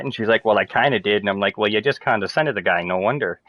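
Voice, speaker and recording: Guy ranting fast to his viewers, swears a lot, gets loud, low voice. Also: no echo, rough recording. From Canada. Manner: profane, rambling, gets loud and emphatic. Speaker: streamer. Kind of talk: casual rant to viewers.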